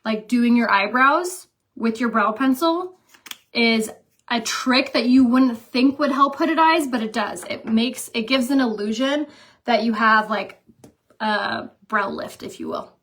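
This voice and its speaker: A woman's voice: on the high side, big pitch swings, measured pace, a bit bright. A young woman talking casually through a makeup tutorial, chatty and full of fillers. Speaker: makeup vlogger and beauty consultant. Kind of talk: casual makeup tutorial, reading viewer comments.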